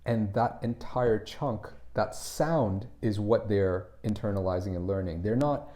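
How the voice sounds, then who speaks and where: A man with a slightly low, mellow voice gives a casual pronunciation lesson. He explains patiently, stumbling into restarts and repeated words as he works out his point. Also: measured pace. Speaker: English pronunciation coach.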